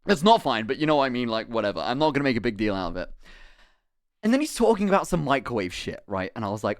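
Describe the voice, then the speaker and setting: A young man telling a story casually on a live stream, animated and quick to laugh, swearing freely. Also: mid-range voice.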